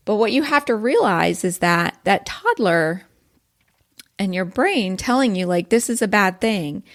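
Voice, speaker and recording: A woman hosting a solo safety podcast, talking casually and animatedly and often checking in with "right?". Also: on the low side. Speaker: podcast host, safety professional.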